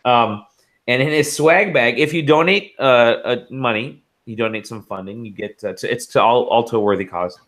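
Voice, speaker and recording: A man's voice: mid-range voice, moderate pace, fairly bright tone. A man co-hosting a casual podcast, rambling through stories with swearing and laughter. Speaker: podcast co-host.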